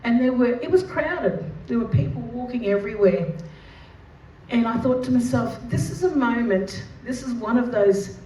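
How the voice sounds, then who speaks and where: An Australian woman, an educator and mother, telling a personal story in a lively, vivid storytelling manner. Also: on the high side, moderate pace. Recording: roomy, distant mic with faint noise.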